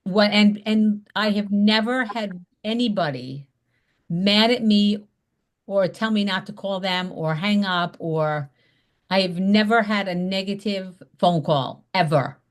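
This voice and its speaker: A direct sales mentor teaches a Zoom class, chatting emphatically and acting out upbeat phone invitations. Her voice is medium-pitched and unhurried, captured over a video call microphone.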